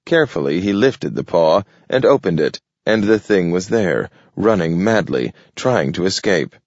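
A man reading a story aloud as an audiobook narrator, in a measured, steady way. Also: low voice, dry recording. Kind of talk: scripted narration. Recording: dull lo-fi dry recording.

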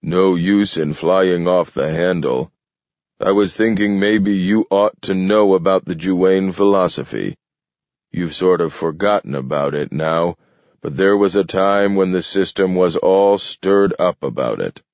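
A man reading an audiobook, voicing a sly, amused male mutant who talks in a mild, easygoing, quietly mocking way. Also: sits low, a little slow, no room sound. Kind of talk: audiobook character voice. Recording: dull, dry studio read.

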